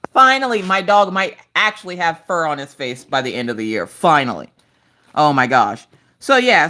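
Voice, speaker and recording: Low-pitched lady in her 30s hosting a craft stream, telling stories all animated, squeaky quotes here and there. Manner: animated storytelling, jumps to high squeals in quoted voices. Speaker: craft livestream host. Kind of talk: casual chat while crafting.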